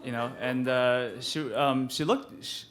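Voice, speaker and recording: A man telling a personal story live, halting and restarting often, with frequent laughter in his voice. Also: mid-range voice, fairly even intonation, fairly bright tone.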